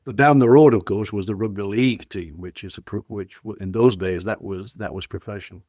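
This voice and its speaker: An older man with a Northern English accent talks casually on a podcast and tells his stories at a relaxed ramble. His voice sits on the low side and often fades quietly as he restarts a thought. The recording is close and dry. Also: a little fast, no echo. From Wigan, England. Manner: chatty storyteller, trailing off quietly, frequent restarts. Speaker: guest brewing scientist.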